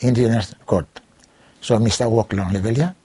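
Speaking on the low side, this man tells his life story in an interview, his warm voice carrying a breathy edge. He has a Ni-Vanuatu Bislama accent and hesitates as he drifts between Bislama, English and French. There's no echo.

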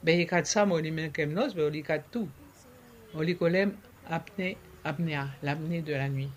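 A man, explaining things in an interview in a halting way, repeating words and slipping into French. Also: a little high. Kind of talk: conversational explaining.

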